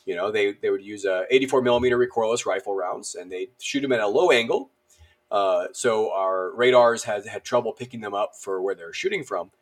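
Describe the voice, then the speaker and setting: A man's voice: on the low side, a little fast. A man on a podcast, telling a story casually and animatedly, with a self-deprecating humor and many fillers. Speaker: podcast guest.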